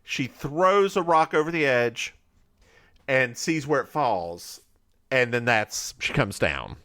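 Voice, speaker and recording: Man from North Carolina co-hosting a chatty recap podcast; bright, lively voice. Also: mid-range voice. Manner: animated storytelling with quick put-on character voices. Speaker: podcast co-host recapping a TV episode. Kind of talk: casual chat.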